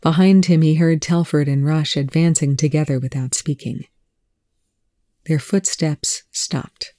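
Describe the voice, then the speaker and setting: Narrator, audiobook-style reading, mellow dark tone, dry close sound. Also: mid-range voice, steady tone, unhurried, dry recording. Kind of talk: audiobook reading of fan fiction.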